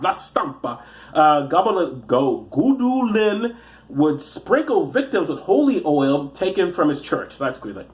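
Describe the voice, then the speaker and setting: A man giving profane comic commentary on news stories, rambling and halting, with frequent restarts and asides. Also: sits high. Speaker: comedian reading the news.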